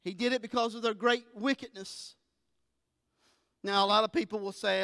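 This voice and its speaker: A woman pastor preaching a sermon and reading scripture with expressive emphasis, in a church sanctuary with a few people present. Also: medium pitch, normal speed, no echo, studio quality, big-room sound. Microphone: filmed for an online service.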